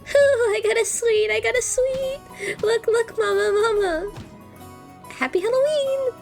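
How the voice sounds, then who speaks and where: A woman voicing a tantrum-prone little girl in a high, squeaky, childish whine while reading a visual novel aloud. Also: a little slow, creaky, darkish tone, soft background music, exaggerated voice. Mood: sing-song.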